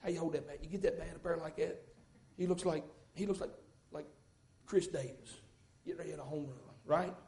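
A man preaching a sermon in a church, folksy and rising into fervent shouts. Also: on the high side, fairly quick, a little hiss or hum. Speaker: pastor. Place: church sanctuary. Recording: echoey church room.

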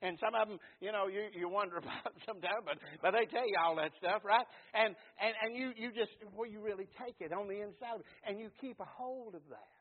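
Folksy pastor, high-pitched, repeats himself, thin phone-line audio. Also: male voice, a little fast, few pauses. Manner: folksy, repetitive, swings from loud to hushed. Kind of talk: sermon. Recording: tinny phone-like sound.

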